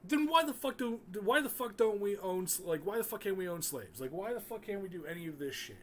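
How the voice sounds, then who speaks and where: A man's voice: sits high, lively intonation, brisk, a little hiss or hum. A man giving an angry, profane rant in a video commentary, swearing constantly.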